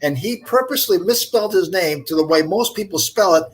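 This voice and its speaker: A man in a casual group chat, telling stories in a measured, mock-formal way. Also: sits high, lively intonation, breathy edge.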